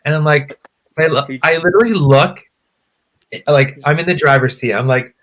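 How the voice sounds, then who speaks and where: A man chatting casually on a podcast, telling a long story with lots of swearing and high-pitched voices when he quotes people. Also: normal speed, a bit bright. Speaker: co-host.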